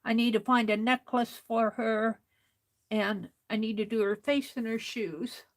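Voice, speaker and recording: A tired woman hosting a late-night crafting livestream, talking softly to herself as she works. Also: on the high side, fairly even intonation, unhurried. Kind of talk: casual talk while crafting live.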